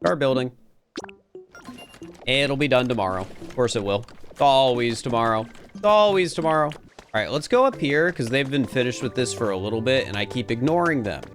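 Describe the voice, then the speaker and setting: A man's voice: medium pitch, lively intonation, moderate pace, faint music behind. A man hosting a let's play, chatting casually over the game with wry, playful asides.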